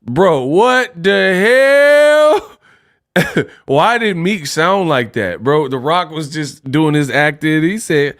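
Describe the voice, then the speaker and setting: A man's voice: on the high side, expressive, a little slow, fairly bright tone, no echo, clean studio sound. A young man hosting a casual boxing livestream, joking around and laughing often. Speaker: livestream host.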